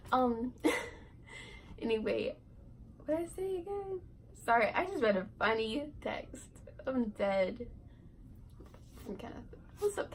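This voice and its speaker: A woman's voice: fairly high pitch, slight background noise, poor audio. A teenage girl telling a casual storytime vlog, chatty and full of fillers and asides. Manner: chatty, lots of fillers and self-interrupting asides. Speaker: vlogger.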